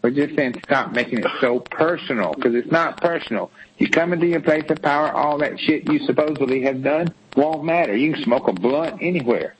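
A man with a fairly high voice delivers a blunt, profane lecture on a talk show. He scolds and hammers his points home with emphasis. A faint hiss of noise sits under the recording. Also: a little fast, few pauses. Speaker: co-host. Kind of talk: blunt tough-love talk show rant.

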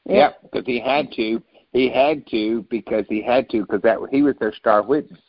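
A man in casual political chat, talking in a rambling, animated, mocking way. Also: medium pitch, moderate pace, husky, dry recording. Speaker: guest commentator. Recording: dull lo-fi dry audio.

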